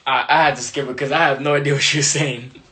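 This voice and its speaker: A young Dominican man hosting a live stream over a phone video call, relaxed and amused. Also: mid-range voice, fast. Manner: amused, laid-back. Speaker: livestream host. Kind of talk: casual live chat.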